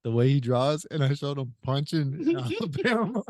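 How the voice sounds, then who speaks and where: A man's voice: on the high side, wildly swooping pitch, unhurried, a little mellow, no echo. Male podcast host, rambling storyteller, chuckles a lot, dry close sound. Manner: retells with many "I said", laughs often. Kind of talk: casual storytelling.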